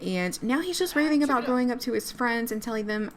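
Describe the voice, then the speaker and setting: A woman's voice: a little high, normal speed. A woman casually narrating her life-simulation game, voicing her characters' thoughts as she goes. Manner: chatty, narrates sims' thoughts in quoted lines. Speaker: let's play creator.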